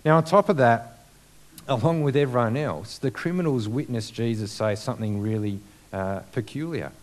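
A man's voice: mid-range voice, moderate pace. A man preaching a sermon in a conversational way, with many fillers and rhetorical questions.

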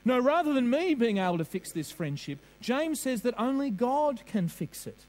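A man's voice: extremely high pitch, very animated, normal speed, a little mellow, low-quality recording. A man preaching a sermon, earnest and questioning, drawing on vivid everyday examples.

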